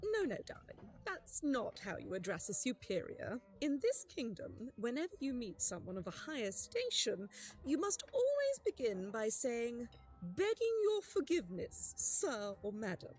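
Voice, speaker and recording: A sugary patronizing courtier. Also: female voice, fairly high pitch, wildly swooping pitch, unhurried, a little mellow, faint music behind. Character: patronizing courtly woman, falsely sweet.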